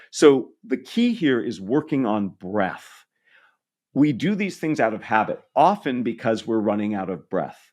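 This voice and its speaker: Man guest, lowish voice, very animated pitch, coaching manner. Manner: explanatory, coaching tone with small restarts. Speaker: guest, communication lecturer. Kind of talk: podcast interview.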